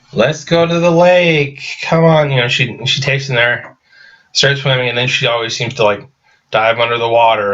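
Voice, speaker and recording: Male reviewer, sarcastic and rambling with restarts; bright, forceful voice on a muffled recording. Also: mid-range voice. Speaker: movie reviewer. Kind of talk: casual video review.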